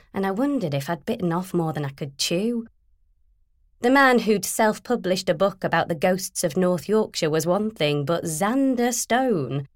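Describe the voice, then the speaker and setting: Woman audiobook narrator: low, measured, dry studio sound. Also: no echo. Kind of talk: scripted first-person narration.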